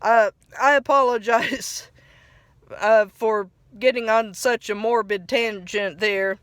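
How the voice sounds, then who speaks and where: A woman's voice: a little high, steady tone, slow pace, fairly bright tone, no echo. A woman casually reviewing a cartoon episode on a phone mic, rambling with restarts and chuckling at her own asides.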